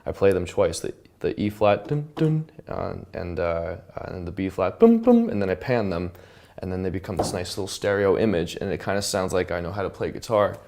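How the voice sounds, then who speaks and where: A man's voice: sits low, a little fast, gravelly, a little hiss or hum. A man, a songwriter and producer, casually talking through how he built a track, humming and scatting notes as he goes. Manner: relaxed, chatty, filler-heavy, hums and scats notes. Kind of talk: casual studio breakdown. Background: music tracks playing.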